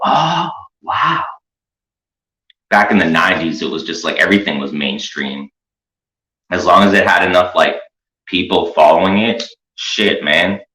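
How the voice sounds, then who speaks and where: A man's voice: low voice, steady tone, moderate pace, pushed and bright. A man hosting a commentary show, rambling through a crude, mocking, profane rant. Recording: echoey room.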